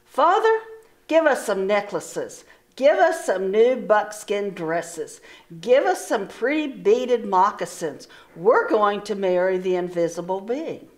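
A woman reading a storybook aloud and voicing two proud, vain older sisters who talk in high, showy voices. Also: big pitch swings, slow. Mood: demanding. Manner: haughty, boastful, high-pitched, then flustered stammering.

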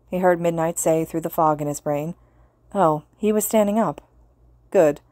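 A woman reading fan fiction aloud as an audiobook narrator, in an earnest, steady way. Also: on the low side, moderate pace, no echo, clean studio sound. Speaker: podfic reader.

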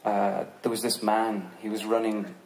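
Irish guy chatting a story to the crowd onstage, lowish voice, live gig audio with audience murmur and noise. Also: moderate pace, poor audio. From Ireland. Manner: relaxed, joking, chatty, swears casually. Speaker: singer on stage. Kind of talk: storytelling between songs at a live concert. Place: outdoor concert stage.

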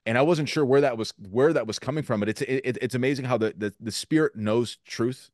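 A man's voice: mid-range voice, fairly quick, darkish tone, no echo, clean studio sound. A man hosting a podcast, speaking earnestly about personal experience. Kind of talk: casual podcast discussion.

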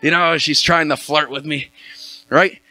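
A man's voice: fairly high pitch, steady tone, measured pace, pushed and bright, no echo. A man giving a casual, joking sermon intro in church, telling a story with many fillers.

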